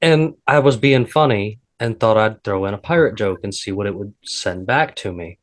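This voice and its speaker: A man's voice: on the low side, expressive, moderate pace. A man hosting a podcast, telling a rambling story in casual chat with lots of restarts. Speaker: podcast host.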